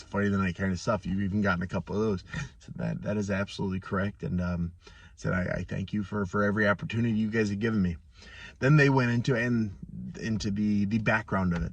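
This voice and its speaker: Casting: thirties man, low voice, halting casual storyteller, a bit off-mic, dry. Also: no echo, recorded from a distance. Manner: halting, many restarts and fillers, excitable when telling good news. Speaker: pro fighter vlogger.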